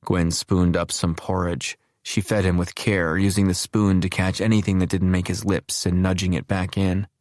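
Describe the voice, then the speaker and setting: A man narrates an audiobook in an even, measured way. His voice sits very low, and the recording is close and dry with no room sound. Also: dry recording. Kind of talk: scripted narration.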